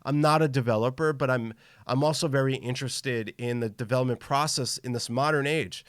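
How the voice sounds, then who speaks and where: A man's voice: medium pitch, fairly quick, no room sound, studio quality. Tired but upbeat man hosting a podcast. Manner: enthusiastic, greets chat viewers by name. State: tired from travel. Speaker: podcast host. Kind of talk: casual live-stream chat.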